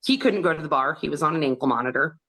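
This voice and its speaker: A woman with a low-pitched voice speaks as a guest on an interview podcast. She tells a painful personal story in an earnest, halting way, often stopping to restart. She voices other people's remarks in quoted dialogue. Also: lively intonation, a bit bright, breathy edge.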